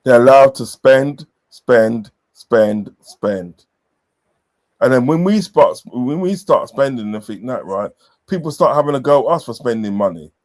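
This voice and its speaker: A man's voice: medium pitch, animated, a little slow. Rambling man. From southern England. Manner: rambling anecdotes with swearing and repeated filler phrases. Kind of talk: casual football chat.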